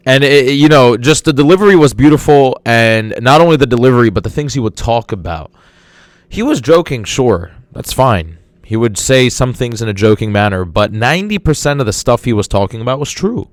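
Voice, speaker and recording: A man's voice: mid-range voice, animated, normal speed, dry recording. A man hosting a podcast in a casual monologue, rambling and repeating words with enthusiasm. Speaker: podcast host.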